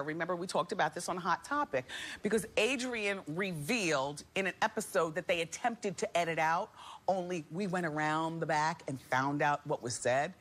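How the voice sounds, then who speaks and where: A woman's voice: lowish voice, a bit bright, a little hiss or hum. A woman from New Jersey hosting a talk show, chatting animatedly and laughing often in a studio with an audience. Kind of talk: talk show gossip commentary.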